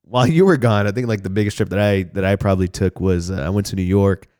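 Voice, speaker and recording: A young podcaster from Houston, Texas talks fast in a low, clean-toned voice, casually recounting a story. He's easygoing, swears heavily and acts out voices at high volume.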